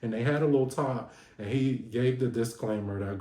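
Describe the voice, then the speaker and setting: A man hosting a casual reality TV recap vlog, animated and sassy, laughing and swearing often. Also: medium pitch, moderate pace. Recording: echoey room.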